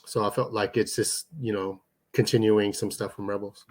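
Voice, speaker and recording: A man's voice: fairly low pitch, level tone, moderate pace, a little mellow. A man co-hosting a podcast, talking in an easygoing way as a fan. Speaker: podcast co-host. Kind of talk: casual chat.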